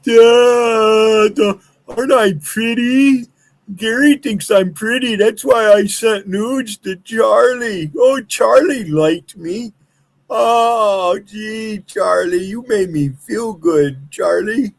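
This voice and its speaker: A man's voice: takes it slowly, creaky, no room sound, heavily acted. A man putting on a simpering vain woman. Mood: mocking, simpering. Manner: high, simpering mockery. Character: vain flirty married woman, mocked and simpering.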